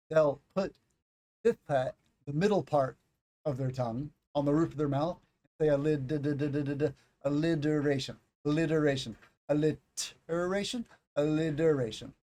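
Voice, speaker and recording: A man with a fairly high voice teaches English pronunciation live. He spells out sounds slowly and with care, cracks small jokes, and sounds a bit congested in the nose. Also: a little mellow. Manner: explains slowly, demonstrates sounds, jokes and laughs. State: slight sinus congestion. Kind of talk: live-streamed English lesson.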